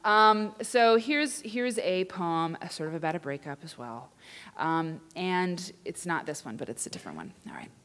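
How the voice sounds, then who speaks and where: Chatty woman in her thirties, lowish voice. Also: moderate pace. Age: 30s. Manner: chatty, self-deprecating, animated asides. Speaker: writer and quilter performing for students. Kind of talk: live comic storytelling.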